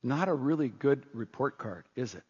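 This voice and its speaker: A man's voice: mid-range voice, lively intonation, moderate pace, darkish tone, husky. A middle-aged male pastor preaching a sermon, telling a story earnestly and asking the congregation questions. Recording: dull, long-reverb hall sound.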